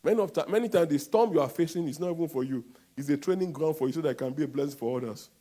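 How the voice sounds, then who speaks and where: Brief: Nigerian-accented male pastor, slightly higher voice, preaches with sudden loud bursts and call-and-response. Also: racing. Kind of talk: sermon.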